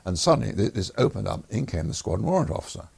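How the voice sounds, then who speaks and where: A man's voice: fairly low pitch, very animated, racing, creaky, darkish tone, breathy edge. An older man, a former air force pilot, telling stories in an interview in a rambling, hesitant way. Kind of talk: anecdotal storytelling in a podcast interview.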